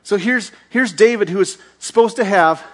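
A man preaching a sermon, retelling a Bible story with acted-out voices, shouts and sound effects. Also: high-pitched, normal speed. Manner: lively, acts out characters with shouts and sound effects.

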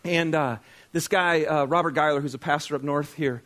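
High-voiced pastor preaching conversationally. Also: male voice, fairly even intonation, normal speed, fairly bright tone. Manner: conversational, self-deprecating, asks the congregation questions. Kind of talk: sermon.

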